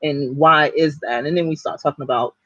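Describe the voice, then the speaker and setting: A woman's voice: sits low, fairly even intonation, a little fast, pushed and bright, dry recording. Woman from Newark, casual storyteller, chatty with frequent laughs, dry muffled recording. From Newark, New Jersey. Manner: chatty, laughing often, many ums. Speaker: author and vlogger.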